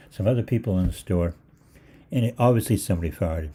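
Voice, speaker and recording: A man's voice: low voice, fast talker, mellow, breathy edge. An older man hosting a live Q&A who tells rambling, anecdotal stories and acts out the people in them. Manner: meandering, full of fillers and restarts, acts out voices. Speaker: holistic practitioner hosting a live Q&A.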